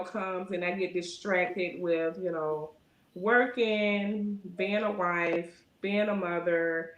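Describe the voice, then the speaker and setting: Woman, rambling, roomy call. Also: on the low side. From Alabama. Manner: rambling, frequent "you know" fillers; animated when telling stories. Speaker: guest. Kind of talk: casual interview chat.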